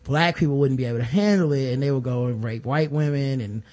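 A man co-hosting a casual news discussion podcast, talking in an animated way and acting out the voices of people he quotes. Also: medium pitch, fast, muffled recording. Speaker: podcast co-host.

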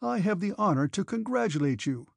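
A foolish young officer, read by a man, blurts his words out breathless and gleeful, pitched a little above the reader's own voice. The tone is husky and dry, with no room around it. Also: big pitch swings, moderate pace, darkish tone, dry recording, heavily acted. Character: foolish young male officer, giddy joker.

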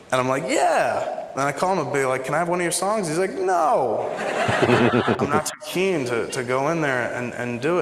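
A man's voice: medium pitch, fairly bright tone, a little hiss or hum. Profane man telling a story in an echoey hall. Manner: profane, acts out both sides of a phone call. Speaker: guest telling an anecdote to an audience. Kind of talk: animated live storytelling. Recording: echoey hall with faint ambience.

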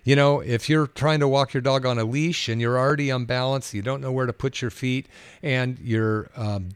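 A man's voice: medium pitch, fairly even intonation, normal speed, clear, resonant tone, dry recording. A man who works as a doctor, talking casually on a podcast about his patients, with many fillers and restarts. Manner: conversational, anecdotal, with frequent fillers and restarts. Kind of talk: casual podcast talk, telling patient stories.

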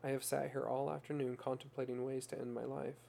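A man's voice: medium pitch, level tone, fairly quick, vocal fry, warm tone, a little hiss or hum, natural voice. A man reading a broken, despairing young mother. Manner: confessional, raw, plain-spoken.

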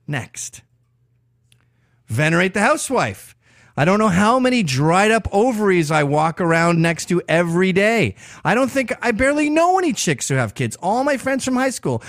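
Brash, lively man ranting. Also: high voice, no room sound. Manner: brash, crude, sarcastic ranting. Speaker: podcast host. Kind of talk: opinionated monologue.

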